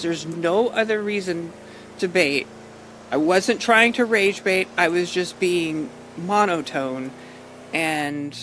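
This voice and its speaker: A man with a fairly high-pitched voice drives in a role-play game while chatting to his stream out of character. His talk is loose, casual and unscripted as he rambles, swears and laughs things off. A quiet hum of game engine noise runs underneath.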